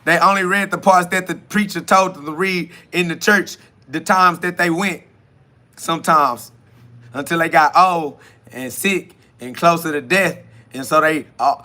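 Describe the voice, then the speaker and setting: Male host, high voice, emphatic slangy live preaching. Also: steady tone, normal speed, pushed and bright. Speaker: podcast host. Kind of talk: casual preaching monologue streamed live.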